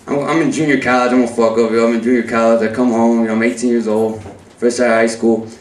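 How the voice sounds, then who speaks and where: A man's voice: mid-range voice, little pitch movement, quick pace, distant mic. A young man telling a profane, breathless story on stage at a live story slam. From Chicago. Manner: profane, breathless, acts out the voices of people in the story. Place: live event room. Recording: roomy echo, voice from off-mic.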